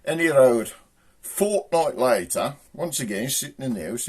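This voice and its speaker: A man with a Black Country accent telling jokes, doing his characters' voices with shouts and raised pitch. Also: big pitch swings, moderate pace, husky. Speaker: joke teller.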